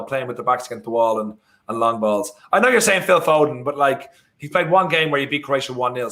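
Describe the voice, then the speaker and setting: A man's voice: mid-range voice, bright, forceful tone. A young Irish man co-hosting a live football watchalong, talking casually and rambling with lots of fillers. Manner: rambling, many fillers and restarts. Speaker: watchalong co-host.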